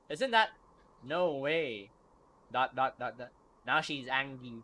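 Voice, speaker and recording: A man live-streaming a video game, chatting casually with viewers, excitable and quick to laugh. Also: mid-range voice.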